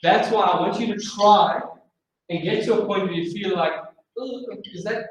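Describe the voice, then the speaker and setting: Male instructor with a high voice, distant mic, heavy room echo, lecturing and counting beats aloud. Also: steady tone, normal speed. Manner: explains and counts rhythms aloud. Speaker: drumming instructor. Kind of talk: masterclass lecture. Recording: echoey room from far off.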